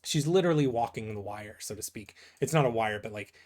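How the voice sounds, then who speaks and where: A man's voice: fairly low pitch, expressive, brisk, darkish tone. A man giving casual, rambling commentary on comic book pages, full of fillers and asides that end in "right?". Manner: rambling, filler-heavy, keeps asking "right?".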